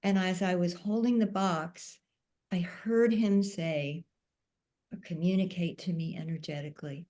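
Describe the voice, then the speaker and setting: A woman with a slightly low voice speaks at an unhurried, drawn-out pace. She tells a personal story in a soft-spoken and emotional way, as a speaker on a panel. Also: steady tone.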